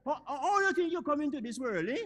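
This is a fumbling older Jamaican husband in a stage comedy. His voice is high and jumps all over the place, and he repeats himself nervously. The recording carries clear background noise. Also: very animated, fast, fairly bright tone, full character voice. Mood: flustered. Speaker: actor in a comedy stage play.

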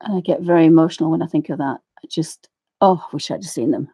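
Chatty woman with a mellow voice. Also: low voice, fast, husky. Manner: rambling, apologetic, ranting asides. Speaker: craft tutorial host. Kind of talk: chatty tutorial while colouring.

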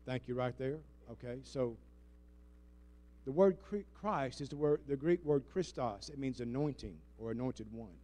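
A man preaching a sermon as pastor. He leads the congregation in call-and-response and swings between booming emphasis and hushed asides. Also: expressive, normal speed. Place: church sanctuary before a congregation.

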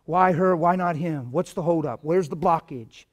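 A man preaching a sermon and telling stories, swinging from low murmurs to loud shouts. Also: a little slow, pauses often. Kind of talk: sermon with testimonies.

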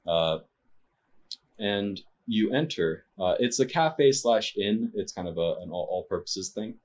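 A man's voice: fairly low pitch, animated, unhurried, a little mellow, lo-fi sound. A man narrating a tabletop game as game master, hesitant and full of fillers.

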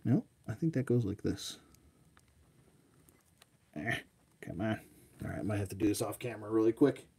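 A man's voice: on the low side, moderate pace, gravelly, pauses often, a little mellow, slightly rough. A man hosting a live toy showcase, chatting casually in a rambling, self-mocking way and talking to his dog. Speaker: toy collector host.

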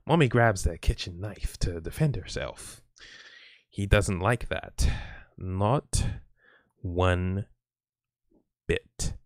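A man doing a grim, low game narrator. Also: no room sound, studio quality. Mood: somber. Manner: low, slow, somber.

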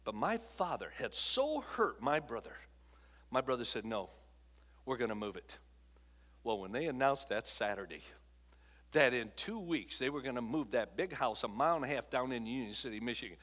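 An older man giving an emotional testimony as a guest speaker in a church, dropping to a hush and then rising to loud, dramatic peaks as he tells his story. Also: mid-range voice, big pitch swings, normal speed. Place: church auditorium. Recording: long hall reverb.

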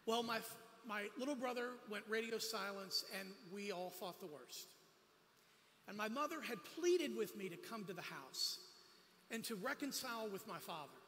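A high, bright male voice delivers a sermon, weaving personal stories and quick humorous asides. The sound carries the long reverb of a church sanctuary, with faint noise underneath. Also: expressive. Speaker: guest preacher.

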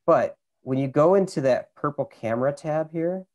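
A man's voice: fairly high pitch, moderate pace, darkish tone, lo-fi sound. A man with a Minnesota accent, a camera expert casually explaining settings step by step over a video call, with lots of fillers.

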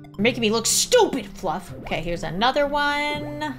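A woman giving casual, animated gameplay commentary on her own game, mock-nervous and self-deprecating. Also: high-pitched, normal speed, faint music behind.

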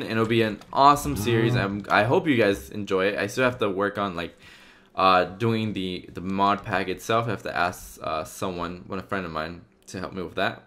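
A man's voice: lowish voice, pushed and bright. A man giving casual let's-play commentary as a gaming YouTuber, chatty and rambling as he plays. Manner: rambling, chatty, many fillers and restarts.

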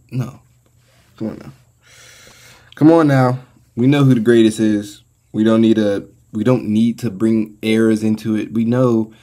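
Excitable husky American man reacting. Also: fairly low pitch. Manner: excitable, laughs and exclaims often. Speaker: reaction video host. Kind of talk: casual reaction commentary.

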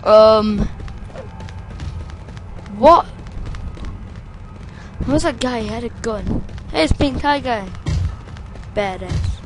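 High-pitched woman rambling over gameplay. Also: expressive, very slow, long pauses, music in the background. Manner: rambling, mocking, frequent laughter and sudden outbursts. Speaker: let's play gamer. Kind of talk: gameplay commentary.

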